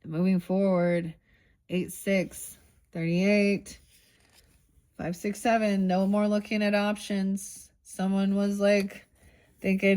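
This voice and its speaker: A woman's voice: medium pitch, little pitch movement, slow pace, a little mellow. Rambling woman reading tarot cards. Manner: rambling, swears casually, thinks aloud. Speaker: tarot reader.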